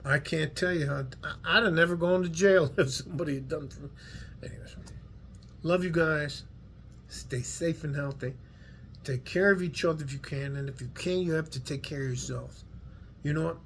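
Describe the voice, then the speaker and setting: A man's voice: fairly high pitch, normal speed, fairly bright tone, a little hiss or hum. A middle-aged man with a West Texas accent, talking to his viewers in a rambling, earnest, folksy way with salty language. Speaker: vlogger. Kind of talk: casual heartfelt monologue to viewers.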